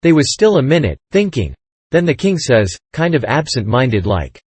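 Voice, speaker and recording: Husky man reading a folksy story. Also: mid-range voice, moderate pace, no room sound. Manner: folksy storytelling with lively dialogue. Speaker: audiobook narrator. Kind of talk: audiobook reading of a first-person novel.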